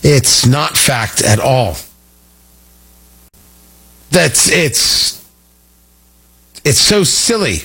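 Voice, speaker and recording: A man's voice: mid-range voice, big pitch swings, extremely slow, long pauses, pushed and bright, breathy edge. A man hosting a radio talk show, talking in an emphatic, sarcastic way about politics.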